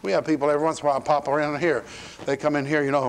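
A man's voice: a little high, flat delivery, racing. A man preaching a sermon in a folksy, conversational way, acting out scripture in his own words. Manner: folksy, acts out biblical quotes in paraphrase. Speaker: pastor. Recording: 1980s archival sermon tape.

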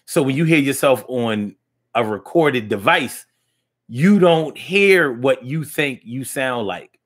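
A man's voice: mid-range voice, lively intonation, slow pace. A man hosting a casual live-stream talk show, chatting loosely with slang and lots of restarts, reading viewer comments aloud.

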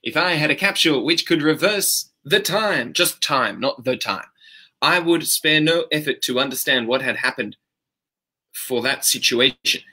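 A man's voice: a little high, lively intonation, normal speed, sharp tone. A man hosting a live-streamed English lesson, cheerfully greeting viewers by name and correcting their sentences. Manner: upbeat, greets and praises viewers by name, switches between English and Mandarin.

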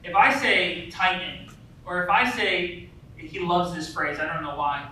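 High-voiced pastor echoing in a hall. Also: male voice, normal speed, sharp tone. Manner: conversational, peppered with "right?" asides and family stories. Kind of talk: sermon. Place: church sanctuary. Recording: echoey hall, voice from a distance, faint noise.

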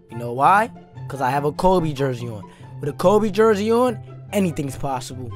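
Young dude roasting ppl over gameplay, high-pitched, cussing, music going underneath. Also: male voice, animated, normal speed. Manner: hyped trash-talking, profane, playful roasting. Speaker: gaming YouTuber. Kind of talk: gameplay commentary. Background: background music.

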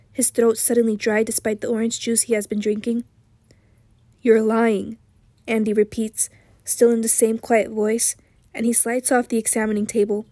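A woman with a hoarse voice narrating an audiobook in a measured, intense reading. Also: on the high side, mellow, no echo.

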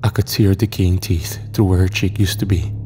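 A man tells a first-person horror story in a steady, even way. His voice is deep and dark, with faint music underneath. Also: a little fast. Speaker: narrator.

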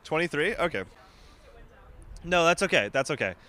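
A man's voice: a little high, sing-song, sharp tone. Chatty young male stream host. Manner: halting, filler-heavy, chatty. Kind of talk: casual live-stream chat. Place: outdoors on a campus. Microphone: handheld mic.

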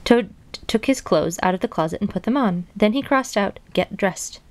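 A young woman reads a children's storybook aloud, pausing for chatty asides between passages. Her voice sits at a middle pitch with a steady gravelly fry. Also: a little hiss or hum. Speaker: reader of children's books. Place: her mother's house.

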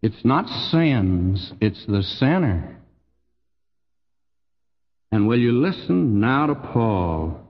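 Old texan preacher guy, slow drawn-out sermon, lo-fi archive sound with long hall echo. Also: sing-song. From Texas. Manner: folksy, emphatic, swoops high on key phrases and drops low. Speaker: pastor.

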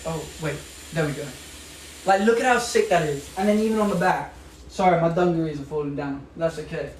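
A young Englishman with a British accent and a slightly high, brisk voice hosts a casual, upbeat live stream, showing off clothes and gadgets and answering viewer comments. The room is echoey with faint background noise.

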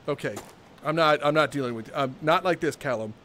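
A man live-streaming a game, joking with his chat, with bursts of laughter and loud theatrical exclamations. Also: on the high side, a little hiss or hum.

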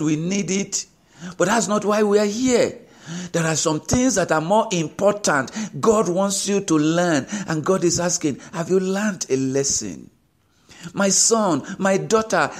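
A male pastor delivers a sermon with a fairly high-pitched voice. He presses his listeners with repeated rhetorical questions, building his emphasis as he goes.

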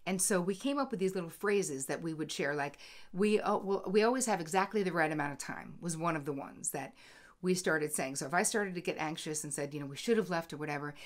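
A middle-aged woman hosting a talk show, telling a personal story in a candid, animated way and acting out both sides of an argument. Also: low voice, brisk. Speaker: host. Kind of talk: casual storytelling monologue.

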